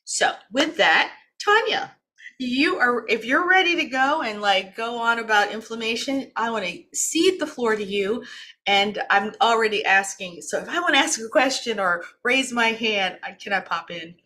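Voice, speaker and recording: Introducing a guest on her wellness show in a relaxed live session, this East Coast American host is talkative and laughs a lot. She speaks at a moderate pace in a slightly high, expressive voice with a sharp edge.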